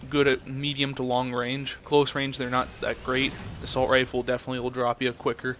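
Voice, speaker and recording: A man's voice: mid-range voice, completely flat delivery, a little fast, a bit bright, a little hiss or hum. A young man ranting in a blunt, profane way, telling a story and then commenting on his game footage. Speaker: gameplay commentator.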